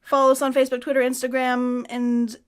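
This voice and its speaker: A woman's voice: high voice, monotone, fairly quick. A young adult woman co-hosting a history podcast in casual, laughing banter and reading the credits. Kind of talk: casual chat with outtakes.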